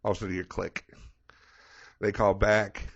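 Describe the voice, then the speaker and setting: A man's voice: lowish voice, normal speed, gravelly, husky, highs cut off. A man co-hosting a podcast, telling a long story casually and animatedly, acting out the people in it with plenty of swearing. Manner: animated storyteller, acts out quoted people, profane. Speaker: podcast co-host.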